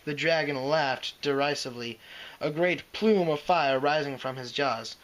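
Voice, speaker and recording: A man reading fan fiction aloud, expressive and dramatic, with occasional slips and restarts. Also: on the high side, a little slow, low-quality recording. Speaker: reader.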